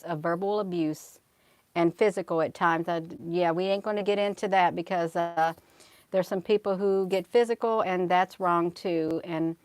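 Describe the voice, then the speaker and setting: A woman's voice: on the low side, no room sound. A middle-aged woman telling a spiritual story in a casual, earnest way. She often repeats herself and restarts her sentences, and she turns preachy and prayerful. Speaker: channel host.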